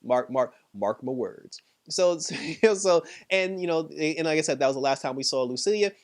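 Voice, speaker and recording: A man's voice: on the high side, animated, normal speed. Laughing, chatty male show reviewer. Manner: chatty, laughs often, heavy on fillers like "like" and "you know". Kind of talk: casual episode recap.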